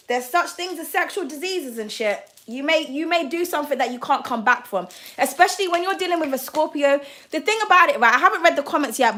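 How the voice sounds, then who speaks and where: Woman, high voice, brash tarot reader, blunt and foul-mouthed. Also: a bit bright. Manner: blunt, profane, ranting. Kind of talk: livestream chat.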